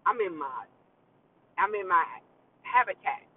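A man's voice: high voice, expressive, measured pace, slightly rough, distant mic, phone-quality sound. A man vlogging to his followers in a blunt, preachy straight-talk monologue, repeating lines for emphasis.

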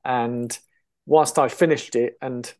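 An older English man in his sixties speaks as an interview guest, a voice pitched right in the ordinary middle range. He rambles warmly through his story, full of restarts and quick laughs. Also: fairly even intonation. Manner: chatty storyteller, laughs often, many fillers and restarts. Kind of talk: casual interview chat.

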